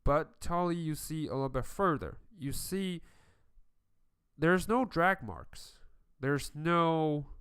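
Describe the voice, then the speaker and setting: A man narrating a tabletop game as its game master. His voice is smooth and clear, and he speaks slowly, stopping often to restart his sentences. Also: mid-range voice, a bit bright. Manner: halting, with many fillers and restarts.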